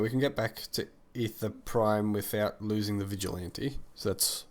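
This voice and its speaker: A man playing a character in a casual tabletop role-playing game, with a dry, deadpan humor. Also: lowish voice, moderate pace, a little hiss or hum. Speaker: player.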